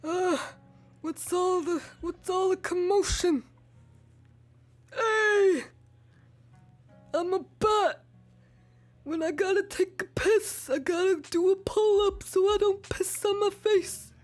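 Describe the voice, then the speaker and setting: A woman voicing a brash, crude talking bat who speaks loud and swaggering. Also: very high voice, takes it slowly, pauses often, soft background music.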